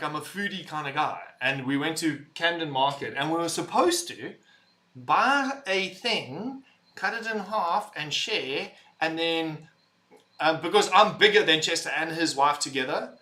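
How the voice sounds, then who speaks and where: Loud, laughing bright-voiced man. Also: fairly high pitch. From visitor to the UK. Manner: loud, laughing, swearing, rambling. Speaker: livestream host reading chat. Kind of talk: casual livestream chat.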